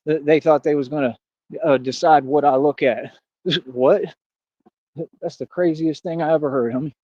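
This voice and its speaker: Cocky guy going off on his haters on stream, kinda high voice, street slang, dull dry lo-fi audio. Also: fairly even intonation, normal speed, warm tone, dry recording. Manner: boastful, confrontational street talk with slang. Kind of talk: casual streaming rant.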